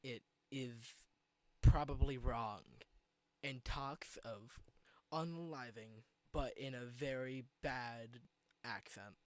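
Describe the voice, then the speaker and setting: A man hosting a comedy vlog, ranting in an exasperated, sarcastic way and breaking into shouts. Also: mid-range voice, slow. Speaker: host.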